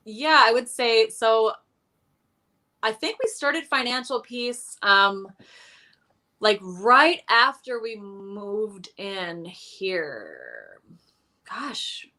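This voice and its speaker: Bright-voiced woman telling her debt story. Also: mid-range voice, big pitch swings, very slow. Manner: candid, self-deprecating storytelling with many fillers. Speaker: guest. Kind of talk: casual interview chat.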